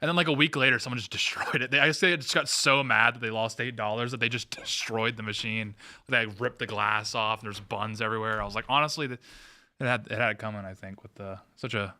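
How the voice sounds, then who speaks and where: A man with a very bright, sharp voice rattles off rambling anecdotes on a podcast panel. He talks fast, laughs often, and strings his thoughts together with lots of "like.". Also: fairly low pitch. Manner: rambling, laughing, full of "like" fillers. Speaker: podcast co-host. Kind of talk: casual panel chat.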